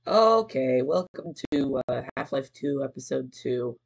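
A man's voice: mid-range voice, lively intonation, measured pace, vocal fry, a little hiss or hum, poor audio. A man casually commentating his game playthrough, rambling and joking with some swearing. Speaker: gamer doing a playthrough. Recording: faint game music behind.

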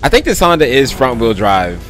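A man's voice: medium pitch, huge pitch swings, fairly quick, soft background music. A man live-streaming a driving game, chatting in a hyped, slangy way and thanking viewers often. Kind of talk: casual live-stream commentary.

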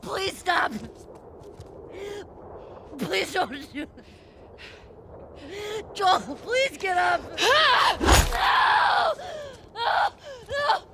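A woman's voice: extremely high pitch, very animated, extremely slow, pauses often, raised voice, exaggerated voice. An actress playing a young woman in a video game who screams in anguish after finding her father killed. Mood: anguished screaming. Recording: game audio with background noise.

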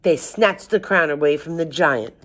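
A woman reading a children's picture book aloud in an expressive storytelling manner. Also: low voice, normal speed.

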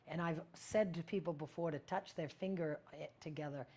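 A woman teaching spiritual practice in a casual, meandering way, often searching for words and sometimes dropping to a hush. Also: sits low, moderate pace.

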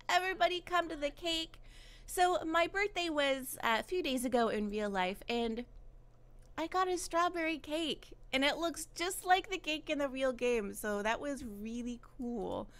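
Bubbly high-voiced young woman gaming. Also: expressive, a little slow, fairly bright tone. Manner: bubbly, gushing, squeals with delight. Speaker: gaming YouTuber. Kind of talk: casual let's-play commentary.

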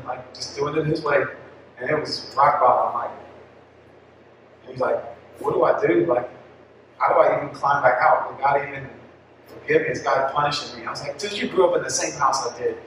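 A man's voice: mid-range voice, moderate pace, a bit bright, a little hiss or hum. Man telling a story in an echoey hall. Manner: heartfelt storytelling, casual phrasing with many likes and restarts. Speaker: parish speaker at a family catechesis talk. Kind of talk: personal testimony talk. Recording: echoey hall, mic far off.

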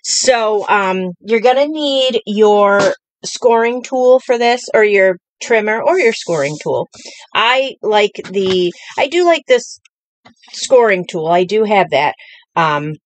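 Her mid-range voice is expressive and slow as she hosts a live-streamed craft tutorial from her craft table at home. The woman's talk is chatty and rambling, packed with fillers.

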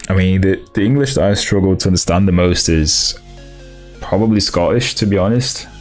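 A young man streaming his coding session, thinking aloud in halting restarts and chatting with viewers. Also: sits low, a little mellow, soft background music. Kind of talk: casual live-coding stream.

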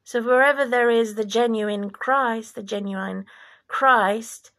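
A woman from former Yugoslavia giving an impassioned religious monologue, deliberate and preachy, sometimes dropping to a whisper. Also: on the high side, steady tone, a bit bright. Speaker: vlogger.

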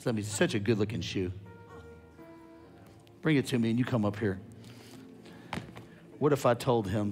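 A man preaching a sermon as a guest preacher, animated and loud at his peaks, with quick asides to the crowd. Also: lowish voice, soft background music.

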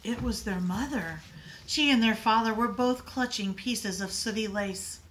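A woman reading a picture book aloud in an expressive, dramatic way. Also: a little high, a little slow, slight background noise, rough recording.

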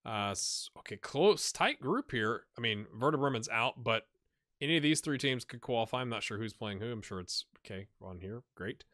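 A man hosting a let's-play video, chatting casually and thinking aloud as he plays, getting excitable when things go well. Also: mid-range voice, normal speed, no echo, clean studio sound. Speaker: gaming channel host.

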